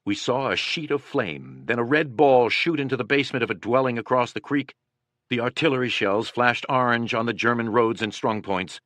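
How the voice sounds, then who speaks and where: A man reading the words of a soldier who writes of the war in a measured, somber way, close to his own voice. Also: mid-range voice, a bit bright, no room sound, close to an everyday voice. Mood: tense. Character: reflective male soldier writing of the war.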